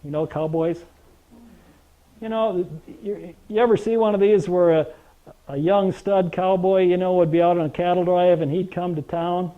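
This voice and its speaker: A man's voice: high-pitched, fairly even intonation, normal speed. An older man giving a presentation to a live audience, telling folksy stories, joking with the crowd and tossing out rhetorical questions. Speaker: grain marketing presenter. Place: meeting room with an audience. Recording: dull lo-fi recording.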